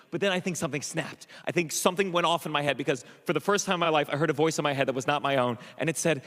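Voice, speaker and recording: A man doing stand-up, telling a long story in an excitable, self-mocking way with stammered restarts. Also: high-pitched, fast, in a large hall. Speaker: stand-up comedian. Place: comedy stage.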